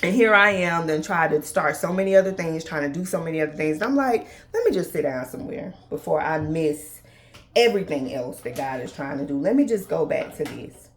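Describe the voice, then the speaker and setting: Her voice sits low, with lively intonation and a brisk pace. She's a woman in her thirties hosting a faith-based podcast, casually addressing listeners as y'all while acting out conversations with God and other people.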